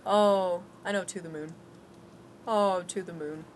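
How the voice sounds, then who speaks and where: A woman's voice: lowish voice, steady tone, measured pace, slight background noise. A woman co-hosting a game stream, chatting casually, laughing often and swearing freely. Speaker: co-host. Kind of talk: casual gameplay stream chat.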